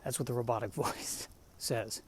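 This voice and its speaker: A man's voice: mid-range voice, normal speed, darkish tone. A man talks on his own as a podcast host while walking down a street outside, sounding a little winded. He rambles in a wry, self-deprecating way, with faint noise behind him. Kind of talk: casual solo monologue. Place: outdoors on a residential street.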